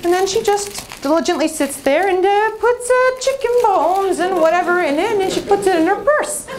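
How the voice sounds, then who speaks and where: A young woman telling a comic story on stage, animated and sarcastic, at a live venue. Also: very high-pitched, moderate pace, noisy background.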